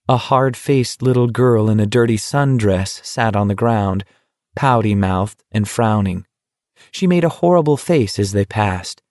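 A man reads an audiobook in steady, measured scripted narration. His voice is medium-pitched, recorded with clean studio sound and no echo.

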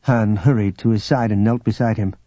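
A man narrates an audiobook in a measured, steady voice. His tone is dark and husky, and the recording sounds dry and a little dull. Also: on the low side, no room sound. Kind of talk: scripted narration.

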